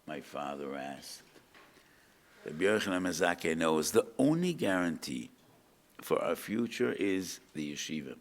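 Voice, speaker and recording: In an unhurried, low voice with lively intonation, an older man delivers a rabbinic lecture to an audience. He tells stories, mixes in quotes from Hebrew texts, and puts questions to his listeners.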